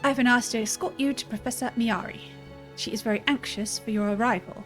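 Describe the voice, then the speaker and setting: A woman's voice: on the high side, brisk, soft background music, close to an everyday voice. A woman reading a stiff, polite robot servant. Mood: formal. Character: formal, dutiful male robot servant. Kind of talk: reading game dialogue aloud.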